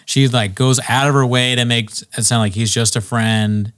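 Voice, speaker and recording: A man's voice: mid-range voice, steady tone, moderate pace, a bit bright, clean tone. Rambling young man telling stories. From Virginia. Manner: rambling storyteller, acts out quoted people. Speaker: podcast co-host. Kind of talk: casual comedy podcast chat.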